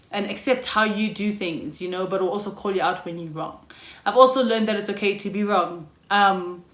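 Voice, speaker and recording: A young South African woman with a South African accent, talking frankly in a personal vlog, swearing freely and laughing often. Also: mid-range voice. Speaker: YouTuber. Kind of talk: candid personal vlog monologue. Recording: roomy echo.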